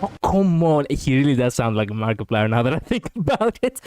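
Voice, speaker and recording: A man streaming casual reaction commentary, chatty and quick to laugh, on a close mic. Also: medium pitch, big pitch swings, a little mellow, dry recording.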